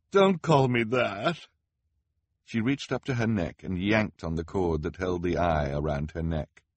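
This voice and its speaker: Husky, lively male audiobook narrator. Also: low voice, no room sound. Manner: wry and expressive. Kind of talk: scripted storybook narration.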